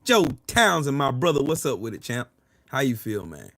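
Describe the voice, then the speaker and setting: A man's voice: mid-range voice, wildly swooping pitch, moderate pace, a bit bright, no echo, studio quality. A man hosting a livestream, delivering a heated, profane political rant and answering chat comments. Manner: profane, heated, repetitive ranting. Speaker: livestream host.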